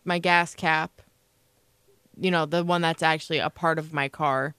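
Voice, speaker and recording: A woman's voice: low-pitched, steady tone, unhurried, a bit bright, clear, resonant tone, dry recording. A young woman co-hosting a casual chat show, telling a long rambling story with lots of fillers. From Illinois, USA. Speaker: co-host.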